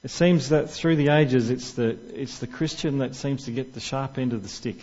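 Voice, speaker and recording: A man's voice: medium pitch, moderate pace, a little mellow, highs cut off. Man preaching a conversational sermon. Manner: conversational, asks the congregation questions.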